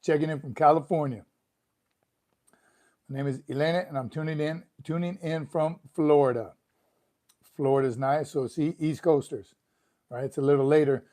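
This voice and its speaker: A man's voice: on the high side, steady tone, normal speed, pauses often, dark tone. A man hosting a live stream, chatting casually and greeting viewers one by one as he reads their comments. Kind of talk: casual livestream chat reading comments. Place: room at home.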